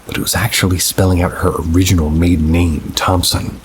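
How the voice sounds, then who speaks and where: A man reading first-person paranormal stories aloud in a measured, unhurried storytelling manner. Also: deep voice, little pitch movement, slight background noise, rough recording. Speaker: narrator.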